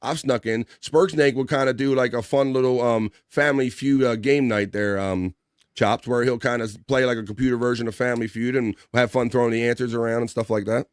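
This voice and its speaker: A man hosts a casual live talk stream and reads viewer comments aloud. He talks in a loose, rambling way, full of "uh" and "like." His voice sits in a middle pitch and sounds close and dry. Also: a little fast, smooth, no echo. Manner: relaxed, rambling, many fillers. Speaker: livestream talk show host.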